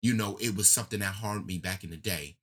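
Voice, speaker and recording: Husky bright man, candid and emotional. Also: fast talker. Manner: emotional, candid storytelling with lively pitch swings. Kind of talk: casual heartfelt conversation.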